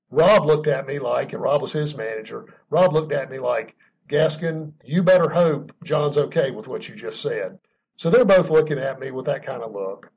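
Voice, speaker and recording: Interviewed as a podcast guest on leadership, a man with a husky, darkish, mid-range voice recounts a story in an earnest, emphatic manner, letting out an occasional chuckle.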